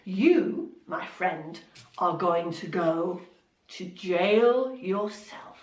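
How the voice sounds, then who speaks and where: A woman's voice: fairly high pitch, sing-song, extremely slow, reverberant, distant mic, exaggerated voice. Woman voicing a furious, stern king. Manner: stern, scolding.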